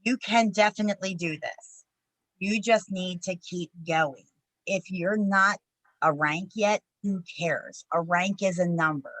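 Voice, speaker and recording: A woman's voice: on the low side, a little slow, a bit bright, dry recording, rough recording. A woman co-hosting a morning video call, speaking in an upbeat, encouraging way. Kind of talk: casual motivational chat.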